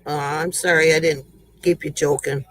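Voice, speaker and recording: A man's voice: fairly high pitch, fairly even intonation, moderate pace, fairly bright tone, poor audio. A man hosting a casual livestream joke segment, folksy and rambling, chuckling between lines.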